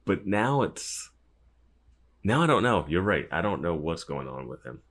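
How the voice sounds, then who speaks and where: Male podcast co-host, very deep voice with a lively swing, animated banter. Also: breathy edge. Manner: animated, laughing, quick to jump in. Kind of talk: casual chat about a show.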